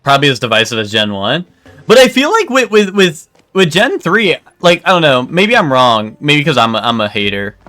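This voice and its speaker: A man's voice: fairly high pitch, big pitch swings, moderate pace, pushed and bright, no room sound. Rambling young-sounding male streamer. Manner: rambling, hesitant, lots of fillers. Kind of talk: casual chat while gaming.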